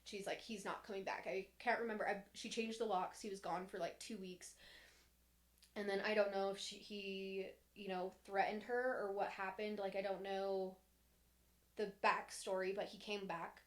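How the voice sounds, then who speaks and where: A woman's voice: medium pitch, fairly even intonation, normal speed. A young woman on a podcast, casually recounting her childhood in a candid, rambling way, full of "like" and restarts, sometimes voicing others in a sharper tone. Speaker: podcast co-host. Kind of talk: casual personal storytelling.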